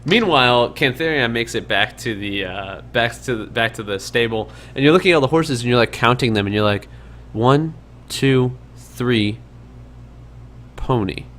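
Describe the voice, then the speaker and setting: A man's voice: mid-range voice, expressive, a little fast, hardly any pauses, a bit bright, a little hiss or hum. A man running a tabletop game as game master, narrating loosely with many fillers.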